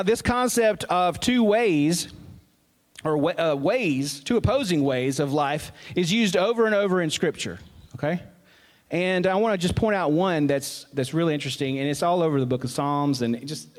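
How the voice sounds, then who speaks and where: A man preaching a sermon in a conversational way, with asides and self-corrections, and more emphasis when he reads scripture aloud. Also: high-pitched.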